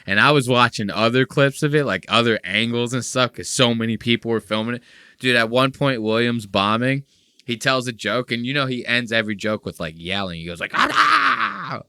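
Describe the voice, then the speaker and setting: Bright, crisp-voiced podcast host. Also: male voice, mid-range voice, fairly even intonation, a little fast, dry recording, studio quality. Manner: crude, rambling, mocking. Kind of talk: casual podcast chat.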